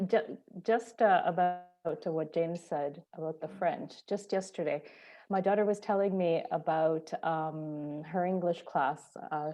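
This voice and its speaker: A woman taking part in an online seminar over a video call, speaking in an earnest, halting way. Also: sits low, a little mellow. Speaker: seminar participant.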